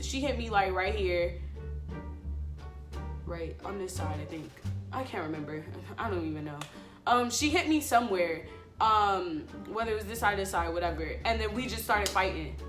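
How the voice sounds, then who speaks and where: A woman vlogger telling a story in a casual, animated way, swearing freely and talking to her viewers directly. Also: a little high. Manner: animated, chatty, addresses viewers as y'all. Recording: echoey room, faint music.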